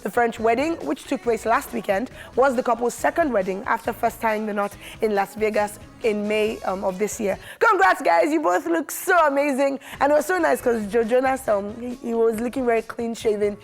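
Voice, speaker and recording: Woman on a tv studio panel, chatty and teasing, bit high pitched. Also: a little fast, hardly any pauses, darkish tone, soft background music. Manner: chatty, teasing, laughs often. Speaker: entertainment show co-host. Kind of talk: casual studio chat.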